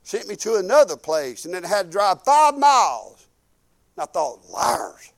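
Speaking at a normal speed in a high voice with vocal fry, an older pastor spins folksy stories during his sermon. He brings them to life animatedly, performing the quotes himself.

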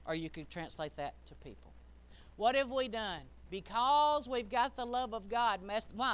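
An older woman preaching a sermon, emphatic and folksy, swinging between loud and hushed. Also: medium pitch, lively intonation, moderate pace, clear, resonant tone.

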